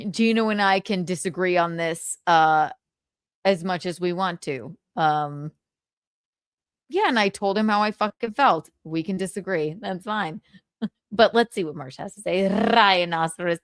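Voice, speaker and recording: A woman's voice: medium pitch, no room sound, studio quality. A young woman hosting a casual livestream, talking candidly, swearing freely and laughing often. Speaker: livestream host.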